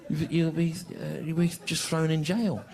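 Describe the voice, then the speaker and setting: A man performing a stand-up comedy routine, telling a story with deliberate, incredulous repetition. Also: a little high, little pitch movement, gravelly, darkish tone. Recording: live show with audience laughter. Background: audience laughter.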